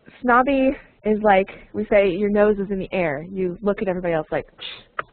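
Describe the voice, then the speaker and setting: A woman leads an English lesson over a call, repeating phrases slowly so her students can follow. Her voice is mid-pitched and comes through thin and phone-like. A faint hiss sits under her speech. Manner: patient, repeats and models phrases, laughs often. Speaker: English teacher. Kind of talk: online group English lesson. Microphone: computer mic on a video call. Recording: tinny online call line.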